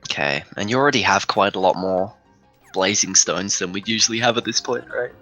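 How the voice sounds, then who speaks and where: A man's voice: fairly low pitch, brisk, sharp tone, rough recording. A young man giving casual, joking commentary on a live speedrun and reading out chat as he goes. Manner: joking, rambling, reads chat aloud. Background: faint game music.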